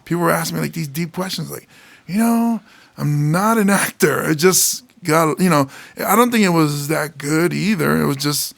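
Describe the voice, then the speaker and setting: A man's voice: fairly high pitch, normal speed, gravelly, fairly bright tone. A man, a comedian from Hawaii, telling stories in a laid-back way and laughing often on a podcast. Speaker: comedian guest. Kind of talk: casual podcast chat.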